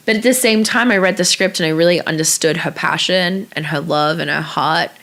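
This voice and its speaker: A woman's voice: low-pitched, a little fast. A young woman from Australia, an actress, telling stories in a casual interview with lots of acted-out quotes. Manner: chatty, animated storytelling with acted-out quotes and laughs.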